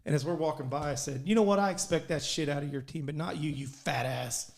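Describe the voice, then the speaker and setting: A man telling animated, profane stories on a casual podcast and shouting out his coach's lines. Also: fairly high pitch, fairly quick, gravelly. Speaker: podcast co-host. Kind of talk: casual storytelling chat.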